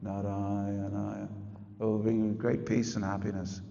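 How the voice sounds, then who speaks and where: A man in his late sixties giving a humorous, chatty spiritual talk to an audience, at times leading a slow chant. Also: lowish voice, little pitch movement, mellow, slight background noise. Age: 60s. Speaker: spiritual teacher. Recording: muffled reverberant hall.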